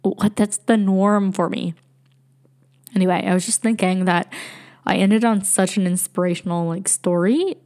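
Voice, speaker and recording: A woman's voice: medium pitch, fairly even intonation, normal speed, darkish tone. A young woman hosting a podcast, telling a rambling, casual story, swearing freely and laughing often. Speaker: podcast host.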